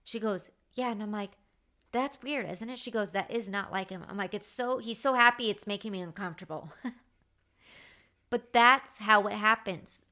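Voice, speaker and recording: A woman, hosting her own podcast and telling work stories in a chatty, animated way, acting out what others said. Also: fairly high pitch, moderate pace. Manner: animated, chatty, acts out quoted dialogue. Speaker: podcast host. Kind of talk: casual storytelling monologue.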